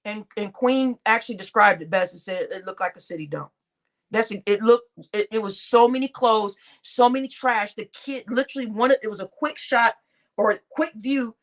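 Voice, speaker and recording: A woman's voice: a little high, normal speed. Chatty laughing woman livestream host. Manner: chatty, laughing, addresses viewers as y'all. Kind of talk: casual livestream chat.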